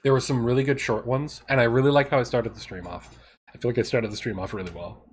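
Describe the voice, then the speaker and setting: A man's voice: medium pitch, fairly even intonation, quick pace, slight background noise. A man live-streaming, reading horror stories aloud and joking casually with his viewers. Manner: chatty, joking with chat; swears casually.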